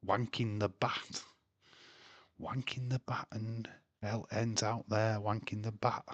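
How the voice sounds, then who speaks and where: A man's voice: fairly low pitch, flat delivery, slow pace, no echo, lo-fi sound. A man streaming a live watchalong, chatting casually with crude jokes and frequent laughs. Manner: crude, jokey, laughs often.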